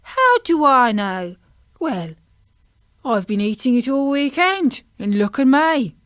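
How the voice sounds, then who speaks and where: A woman voicing a nervous, bashful male fish who stammers with hesitant pauses in a children's storybook. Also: high-pitched, very animated, fairly bright tone, no room sound, studio quality, pitched above the performer's own voice, full character voice.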